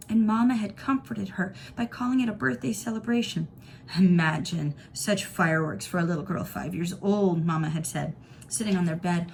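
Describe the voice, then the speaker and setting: A woman teacher reads a novel aloud for her class, clear and steady. She tells the story plainly and evenly, with a faint hiss underneath. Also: mid-range voice.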